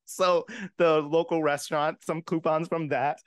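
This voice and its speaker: Casting: mid-pitched tabletop player, halting speech, close dry recording. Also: level tone, no echo. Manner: laughs often, halting with fillers. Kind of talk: casual tabletop role-play.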